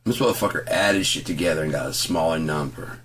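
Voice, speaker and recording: A man telling an angry, profane story about an argument over a bill, quoting both sides and swearing constantly, at times shouting. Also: extremely low pitch, fairly quick, slightly rough. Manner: heavy swearing, retelling an argument with quoted back-and-forth, rising to shouts. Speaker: vlogger ranting to camera.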